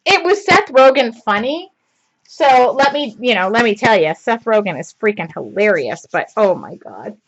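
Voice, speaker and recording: Forties lady crafting live, rambly and giggly, pokes fun at herself, bit high voice, muffled webcam sound. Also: very animated, normal speed. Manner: rambling, laughing, self-deprecating. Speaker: craft livestream host. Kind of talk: casual chatty storytelling while crafting. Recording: lo-fi livestream audio.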